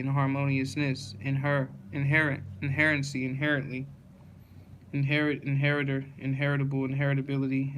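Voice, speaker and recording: A man's voice: medium pitch, slight background noise. A man steadily reading dictionary words aloud as a list in a level, unvaried delivery, stumbling and restarting on some words. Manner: flat monotone list reading with slips and restarts. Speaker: channel host reading dictionary entries.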